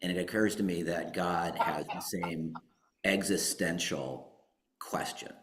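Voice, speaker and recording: A man joining a study group by video call, speaking slowly and deliberately as he muses. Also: low-pitched, fairly even intonation, fairly bright tone. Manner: slow, deliberate, philosophical. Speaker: participant. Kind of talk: discussion contribution.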